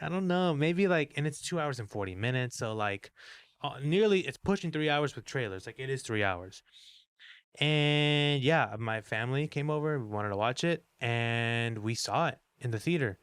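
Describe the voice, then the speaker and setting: A man's voice: mid-range voice, expressive, normal speed, a bit bright, smooth, no echo, studio quality. A man co-hosting a movie podcast, chatting casually and rambling with lots of fillers and swearing. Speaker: podcast co-host reviewing films. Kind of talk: casual movie review chat.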